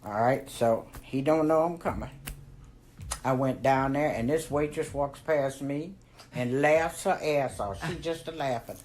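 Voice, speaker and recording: A woman's voice: a little slow, a little hiss or hum. Older woman telling salty stories. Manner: salty, profane, animated retelling of conversations; frequent low laughs. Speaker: family storyteller. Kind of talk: casual storytelling.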